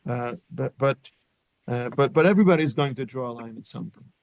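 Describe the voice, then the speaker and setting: A man's voice: medium pitch, a little fast, creaky, darkish tone, dry recording. A man teaching a Torah class as a lecture, thinking aloud with frequent restarts and questions put to his students. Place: synagogue study room.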